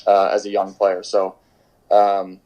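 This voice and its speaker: A young man with a fairly low voice tells stories as an interview guest. He rambles in a relaxed, chatty way, piling up fillers and restarting sentences as he goes. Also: slow, rough recording. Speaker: professional soccer goalkeeper, guest. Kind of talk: casual interview storytelling. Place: home during quarantine.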